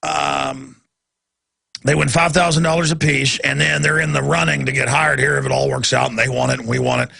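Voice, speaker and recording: A man's voice: mid-range voice, level tone, brisk, creaky, hardly any pauses, pushed and bright, husky, dry recording. A man hosting a talk radio show, rambling and emphatic, often repeating himself. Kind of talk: unscripted talk radio monologue.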